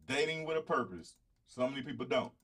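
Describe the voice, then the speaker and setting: A man's voice: medium pitch, animated, brisk, a bit bright, slightly rough. Blunt man preaching to his viewers. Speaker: show host. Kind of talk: casual live-stream talk.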